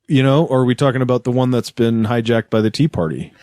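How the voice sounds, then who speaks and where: A man's voice: medium pitch, steady tone, darkish tone, dry recording, clean studio sound. A man co-hosting a podcast, often chiming in with short remarks during casual chat. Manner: chatty, quick to interject. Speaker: podcast co-host.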